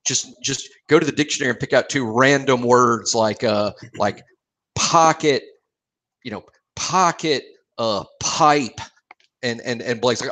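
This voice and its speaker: A man co-hosting a podcast, chatting casually and reacting to stories with quick jokes and laughter. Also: medium pitch, a bit bright. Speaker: podcast co-host. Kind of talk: casual chat.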